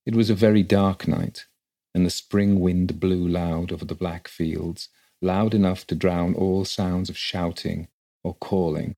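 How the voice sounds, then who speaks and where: A man reading a classic ghost story aloud in a measured, dramatic way. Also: sits low, steady tone, mellow. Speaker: story reader.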